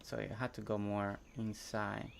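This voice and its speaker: A young man whose first language is Spanish, chatting casually on a game live stream, reading chat aloud and thinking out loud while he builds. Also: on the low side, flat delivery, moderate pace, gravelly, background noise.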